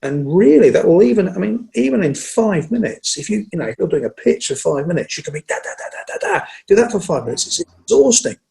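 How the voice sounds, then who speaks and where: A man who trains people in presenting, talking in a lively conversational way and acting out what an audience says. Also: high-pitched, vocal fry, poor audio. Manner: energetic, acts out audience lines, speeds up and slows down on purpose. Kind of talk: casual conversational interview.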